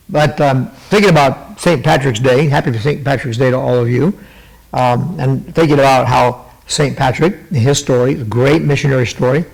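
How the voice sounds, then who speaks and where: A man with a gravelly, mid-range voice hosts his own talk podcast. He rambles through casual commentary, stopping and restarting often and filling gaps with "uh" and "um." He is holding back a cough. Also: medium pitch, rough recording. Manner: meandering, many fillers and restarts. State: fighting a cough. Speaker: podcast host.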